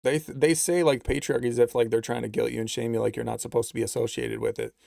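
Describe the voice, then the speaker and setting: A man hosting a livestream, talking in a sarcastic, rambling way and reading out messages from his chat, with stretches of mock-anxious rapid-fire questions. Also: medium pitch, vocal fry, dark tone, dry recording, clean studio sound. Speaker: livestream host.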